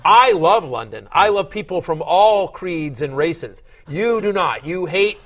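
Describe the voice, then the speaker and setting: A man hosting a casual sports podcast, talking in a joking, animated, teasing way. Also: high voice, unhurried. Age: older than co-host. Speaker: host.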